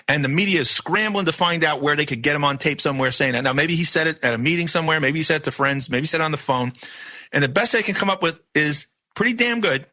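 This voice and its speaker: A man's voice: fairly high pitch, bright, forceful tone. A man hosting a radio news program, talking in emphatic bursts full of rhetorical questions. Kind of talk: opinionated radio talk.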